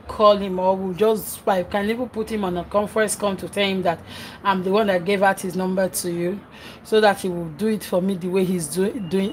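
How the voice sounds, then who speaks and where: A woman's voice: medium pitch, slight background noise, low-quality recording. Chatty Nigerian woman vlogging from her kitchen. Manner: chatty, reads comments aloud, scolds her children between remarks. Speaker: vlogger and mother. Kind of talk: casual cooking livestream chat.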